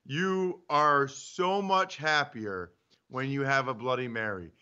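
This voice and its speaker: A man co-hosting a sports talk show from home, bantering in a teasing, animated way. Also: medium pitch, slow, clear, resonant tone, lo-fi sound. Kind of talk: casual sports radio banter. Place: home studio.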